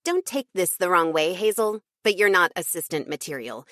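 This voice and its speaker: A woman's voice: fairly low pitch, lively intonation, moderate pace, bright, forceful tone, no room sound, studio quality. A woman narrator voicing a polished young female assistant who speaks in an arch, exasperated way.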